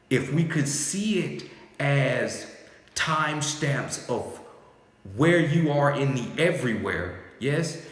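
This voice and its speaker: A man giving a free-flowing spiritual monologue, with loose slangy talk and repeated "yes?" and "right?" tags to his listener. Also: fairly high pitch. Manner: soothing repeated "calm down". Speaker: spiritual speaker. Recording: very echoey room with long reverb.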